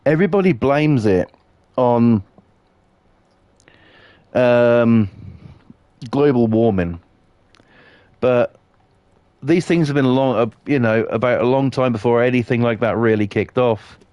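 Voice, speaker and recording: A man's voice: medium pitch, measured pace, long pauses, a little mellow, clear, resonant tone, dry recording. A British man chatting casually on a live game stream, blunt and swearing freely.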